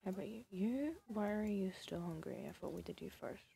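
Sarcastic gravelly woman, whispery asides. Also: medium pitch, brisk, warm tone. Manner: sarcastic, talks to the game characters, often drops to a whisper. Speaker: gaming video creator. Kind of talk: casual gameplay commentary.

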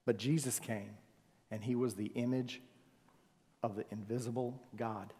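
A male pastor preaching a sermon, swinging from loud emphasis to soft, hushed phrases. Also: medium pitch, fairly even intonation, unhurried. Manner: swings from loud emphasis to near-whispered softness. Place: church sanctuary. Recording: long reverb of a church hall.

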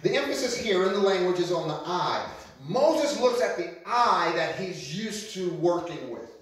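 Recorded solo on camera in a cavernous, echo-filled space with the mic far off, a man delivers a sermon as a pastor. He speaks in a high, slightly bright voice with lively intonation at normal speed, talking conversationally, repeating things and questioning his listeners.

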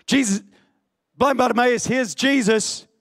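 A man preaching an impassioned sermon in church, often bursting into shouts. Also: extremely high pitch, a little slow. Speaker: pastor. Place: church hall.

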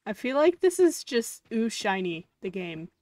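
A woman streamer chatting casually while she plays a game, easily excited, cooing at characters and now and then swearing. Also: fairly high pitch, measured pace, no room sound. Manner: excitable, gasps and coos, swears lightly. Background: faint game music.

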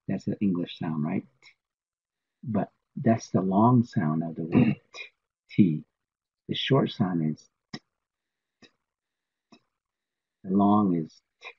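A man's voice: sits low, gravelly, breathy edge, highs cut off. A man teaching a language lesson, patiently repeating each word many times.

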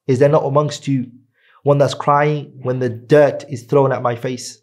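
Earnest male preacher, mid-pitched voice. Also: steady tone, darkish tone. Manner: recites Arabic lines quickly, then translates into English more slowly. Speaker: Islamic teacher. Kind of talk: sermon storytelling with Arabic quotes and translation.

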